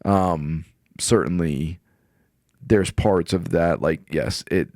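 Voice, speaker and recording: A middle-aged man with a deep, low voice talks as a guest in a podcast studio. He tells personal stories in relaxed, casual chat, earnest and openly emotional. The sound is close and dry, with no room echo. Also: takes it slowly, creaky.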